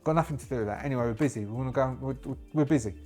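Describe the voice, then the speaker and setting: A man's voice: medium pitch, very fast, dark tone, soft background music, natural voice. A man voicing surly male prisoners who brush off questions in a curt, defensive way.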